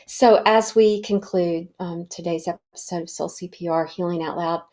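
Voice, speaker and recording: A middle-aged woman hosting a wellness show, telling a personal story in a warm, reflective way with fillers. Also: fairly low pitch, fairly even intonation, moderate pace. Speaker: podcast host.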